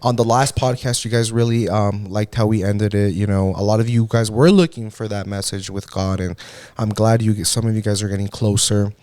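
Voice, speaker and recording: A man's voice: fairly low pitch, fairly even intonation, normal speed, darkish tone, no echo, studio quality. A man co-hosting a casual podcast with his wife, talking in a rambling way full of "like" and mild swearing, now and then dropping Spanish phrases. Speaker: podcast co-host. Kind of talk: casual chat.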